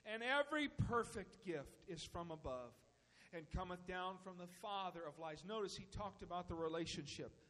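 A man's voice: sits high, animated, moderate pace, fairly bright tone, in a large hall. A male pastor preaching a sermon, rising into emphatic bursts and acting out little dialogues.

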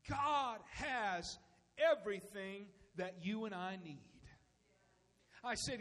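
A man's voice: sits high, in a large hall. A male pastor preaching a sermon, rising into emphatic bursts and acting out little dialogues.

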